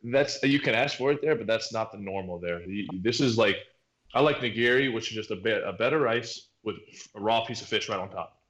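A pro baseball pitcher in his thirties guests on a podcast, chatting casually in a laid-back, rambling style full of fillers. His voice is lowish, fairly quick, and a bit bright, with lo-fi sound and roomy echo.

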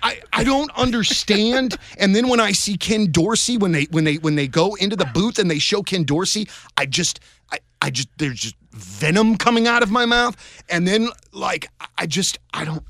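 A man co-hosting a sports podcast, telling stories in a rambling, animated way with many restarts. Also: sits high, moderate pace, dry recording, studio quality. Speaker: podcast co-host. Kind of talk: casual sports chat.

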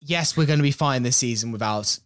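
A man's voice: medium pitch, brisk. Thoughtful man hedging his football opinions. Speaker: podcast co-host. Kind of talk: casual football chat.

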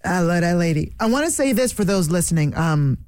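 A woman's voice: lowish voice, expressive, brisk, a little mellow, clear, resonant tone, no room sound, clean studio sound. A woman producer talking casually on a podcast and laughing often between sentences.

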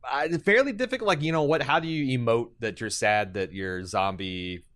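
A man's voice: medium pitch, normal speed, fairly bright tone. A man co-hosting a podcast in casual chat, rambling and joking with some swearing. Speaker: podcast co-host.

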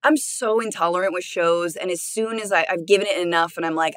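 A woman's voice: lowish voice, a little fast, no room sound, clean studio sound. A woman co-hosting a podcast, chatting casually with lots of fillers and jokes. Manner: animated, joking, lots of fillers. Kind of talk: casual chat.

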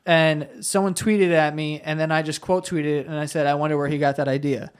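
High-voiced young man, casual podcast chat. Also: fairly even intonation, a little fast, smooth. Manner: laid-back storytelling, slips into quoted voices. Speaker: podcast host.

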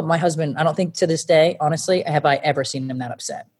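A woman's voice: low-pitched, quick pace, hardly any pauses, a little mellow, husky. A woman in her forties, an interview guest, telling her story candidly and bluntly, swearing freely.

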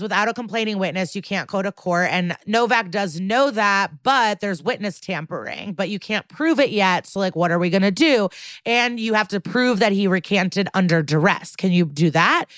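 A woman's voice: mid-range voice, fairly bright tone, no echo. A woman co-hosting a podcast, casually retelling a TV episode and laughing often. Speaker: podcast co-host. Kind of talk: casual recap chat.

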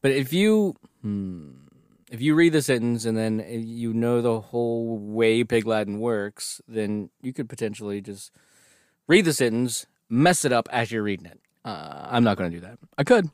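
A man trades jokes as a co-host in a loose, comedic conversation, now and then reading a story out loud. His voice sits at a middle pitch, and the recording is dry and close, with no room sound. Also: animated, moderate pace, no echo. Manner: joking, reads story aloud, laughs often. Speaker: podcast co-host. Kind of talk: casual comedic chat.

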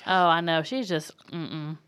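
A woman co-hosting a podcast, chatting casually about a book, animated and quick to laugh. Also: low-pitched, smooth. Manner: animated, laughs often, says y'all. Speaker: podcast co-host.

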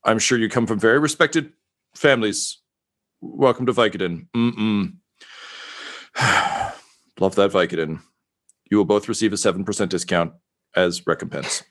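A man voicing a sheepish, agitated male factory announcer over a loudspeaker, fawning and apologetic. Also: lowish voice, normal speed, long pauses.

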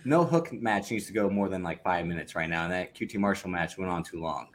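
A man co-hosting a podcast in casual chat, talking quickly and easily. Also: low voice. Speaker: podcast co-host.

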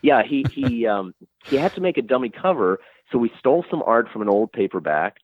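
A man talking as a guest in a conversational interview, animated and chatty with wry asides. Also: mid-range voice, brisk, narrow, tinny audio, soft background music. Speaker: guest, crime fiction publisher and writer.

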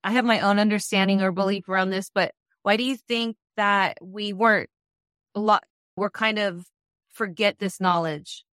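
A woman's voice: mid-range voice, fairly even intonation, normal speed, fairly bright tone, no echo. Brief: woman host, casual and chatty, quotes herself, dry booth sound. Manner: chatty, acts out her own past remarks, trails off. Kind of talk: casual conversational interview.

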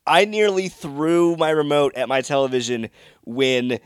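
A man co-hosting a casual chat about a TV show, measured and explaining at length, sounding frustrated. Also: a little high, steady tone, clean tone, no room sound, clean studio sound. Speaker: podcast co-host.

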